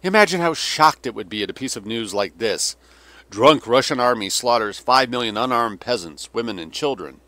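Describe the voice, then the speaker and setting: A man's voice: mid-range voice, lively intonation, normal speed, sharp tone, no room sound, pitched above the performer's own voice. A man voicing a weary, cynical older male Russian general who delivers sardonic, bitter tirades.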